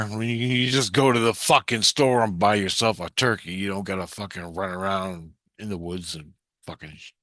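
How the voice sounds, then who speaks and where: Excitable, foul-mouthed man rambling a story. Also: sits low, no room sound, studio quality. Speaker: vlogger recounting a vision. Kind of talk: rambling spoken monologue.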